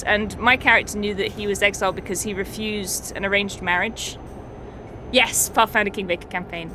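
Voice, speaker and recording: A woman's voice: mid-range voice, steady tone, moderate pace, noisy background. A woman streamer chatting casually, swearing and laughing often as she recaps a tabletop game.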